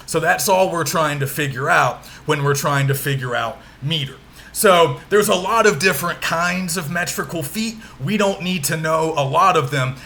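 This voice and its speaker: A man's voice: a little high, bright, forceful tone, slight background noise. A man teaching a recorded lecture, patient and repetitive, checking in with students with frequent "okay?" as he explains.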